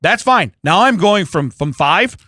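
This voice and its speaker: A man on a podcast who tells stories loudly and plays every part in them. His voice sits a little high and jumps all over the place. The sound is dry and close, as though he is right at the mic. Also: measured pace, no room sound. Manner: loud, animated storyteller who acts out quotes. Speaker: podcast co-host. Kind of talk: casual banter. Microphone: studio microphone.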